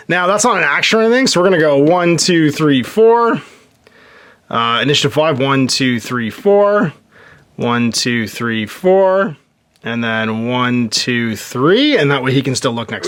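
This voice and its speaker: A man's voice: on the high side, a bit bright. A man casually narrating his own board game session, counting moves aloud and chuckling to himself. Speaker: host playing a solo board game.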